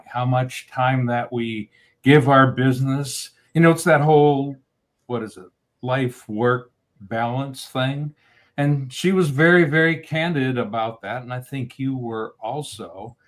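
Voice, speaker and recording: Male podcast guest, mid-pitched, thoughtful, hesitant. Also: measured pace. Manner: reflective, hesitant with fillers. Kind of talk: casual chat.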